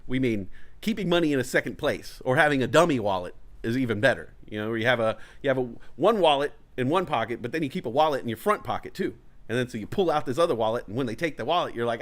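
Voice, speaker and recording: A man's voice: mid-range voice, lively intonation, fast talker, a bit bright. A man hosting a talk show, telling a long, rambling, profane story in casual chat and acting out angry quotes. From California Bay Area. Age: adult parent of a young child. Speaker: show host.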